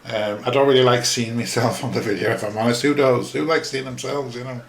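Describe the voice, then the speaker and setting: A man's voice: medium pitch, fairly even intonation, brisk, reverberant, slight background noise. A man hosting a solo podcast, talking casually in a rambling, self-deprecating way with many fillers. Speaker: podcast host.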